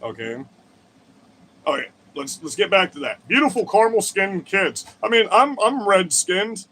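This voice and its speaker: High, sharp-voiced man ranting crudely. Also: animated, moderate pace, a little hiss or hum. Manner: crude, combative, digressive, swearing often. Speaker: livestream host. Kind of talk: profane political rant to live chat.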